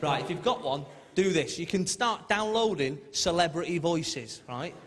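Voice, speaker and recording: A man's voice: on the high side, normal speed. A man doing a stand-up comedy routine, chatty storytelling with mimicked voices, recorded live in a large theatre. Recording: live theatre with long reverb and loud crowd. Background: loud audience laughter.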